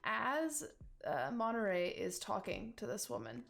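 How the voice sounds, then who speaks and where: A woman game master sets the scene in a slightly high voice, talking casually and drifting through fillers and restarts as she goes. She sounds relaxed and unscripted, like someone running a home game. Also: a little slow, gravelly. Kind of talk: narrating a tabletop game.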